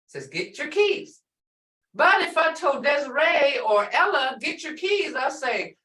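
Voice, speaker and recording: A woman teaches a language class in a slow, unhurried way, her high voice swinging widely up and down. She is playful, laughs often and repeats phrases. Her voice sounds roomy and a little distant from the mic. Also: pushed and bright. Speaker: language instructor.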